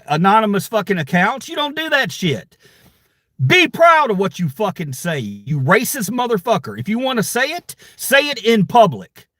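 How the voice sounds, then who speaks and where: Heated and profane, a channel host lashes out at online critics in an angry livestream rant. The man's high-pitched voice has a fairly bright tone, and the dry recording is of studio quality.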